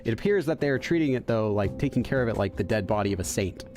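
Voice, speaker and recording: A man's voice: fairly low pitch, animated, fast talker, a little mellow, faint music behind. A man hosting a let's play, reading game text aloud and translating it line by line as he thinks aloud. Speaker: host of a game channel for Korean learners.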